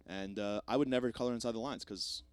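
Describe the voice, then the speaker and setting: A young man hosting a podcast, rambling through a jokey, self-deprecating solo monologue with plenty of swearing, swinging between loud bursts and mumbled asides. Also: medium pitch, quick pace, smooth, no echo. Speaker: podcast host.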